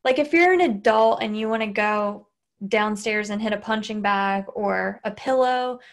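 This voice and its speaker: A woman's voice: medium pitch, normal speed, gravelly. A woman hosting a podcast, talking casually and animatedly with her husband, swearing freely and acting out angry outbursts. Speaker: podcast host. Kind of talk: casual conversation.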